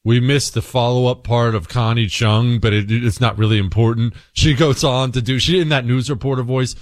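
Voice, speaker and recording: A man's voice: mid-range voice, steady tone, normal speed, no echo. A man hosting a radio talk show, delivering an opinionated monologue in an incredulous, emphatic, rambling way.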